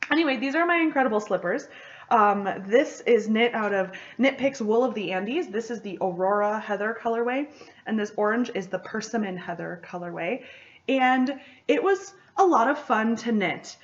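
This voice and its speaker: A young woman hosting a knitting podcast in casual chat, excitable and rambling, often laughing between thoughts. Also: fairly high pitch, moderate pace, highs cut off.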